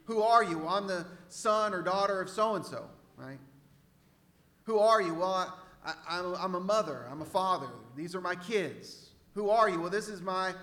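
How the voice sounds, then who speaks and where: A man's voice: high-pitched, normal speed, pushed and bright, long reverb tail. A man from Central Texas with a Texan accent, preaching a sermon as pastor in a conversational way, repeating rhetorical questions. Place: church sanctuary.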